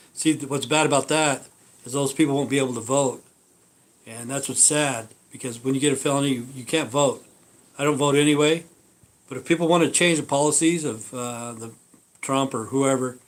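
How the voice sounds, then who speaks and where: A man hosting a live stream, telling stories in a meandering, profane way. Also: mid-range voice. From Idaho. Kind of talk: rambling casual live-stream chat.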